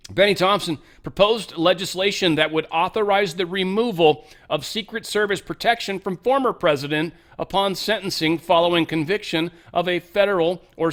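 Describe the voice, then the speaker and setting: A man's voice: sits high, a bit bright. A male host giving sarcastic political commentary, reading headlines aloud and ranting about them.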